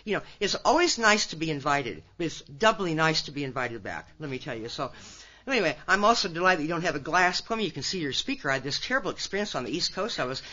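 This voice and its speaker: Speaking at a conference, an older woman from Nebraska gives a recovery talk to a large audience in a fast, folksy, animated way, making direct asides to her listeners. Her voice is deep yet bright and forceful, and the recording sounds dull and lo-fi.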